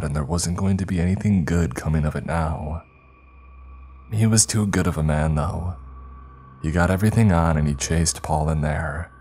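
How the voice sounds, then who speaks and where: A man reading the first-person account of a grieving older woman, a former space communications chief, in slow, somber scripted horror narration. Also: very deep voice, a little mellow, slight background noise. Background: faint music.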